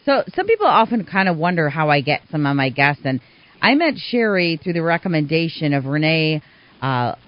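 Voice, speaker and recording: A woman hosting a community radio interview show, telling stories in an animated way. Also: low voice, normal speed. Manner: animated storyteller, acts out quoted voices. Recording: dull, slightly muffled radio sound.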